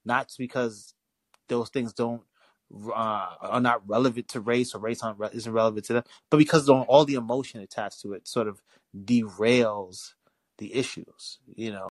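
A young man calling in to a podcast, talking casually in a rambling way, with frequent restarts and animated storytelling. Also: medium pitch, moderate pace, no echo, rough recording. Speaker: caller. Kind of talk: casual call-in chat.

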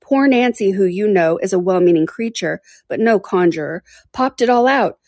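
A woman's voice: medium pitch, lively intonation, moderate pace, a little mellow, no echo, clean studio sound. A woman reading as a chatty gossiping old lady. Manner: breathless chatty gossip, exclaiming often. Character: garrulous gossiping older woman, warm-hearted busybody. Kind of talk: audiobook character voice.

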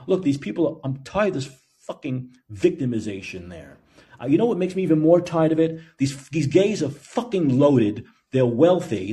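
A man's voice: medium pitch, dark tone. A man hosting a call-in show, ranting heatedly and sneering, with a lot of profanity. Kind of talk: opinion rant.

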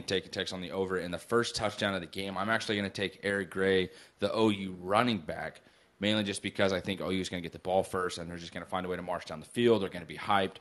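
A man's voice: sits low, fairly bright tone. A man co-hosting a podcast, talking college football bets in a laid-back way, chuckling and swearing casually. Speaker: podcast co-host. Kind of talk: casual sports betting chat.

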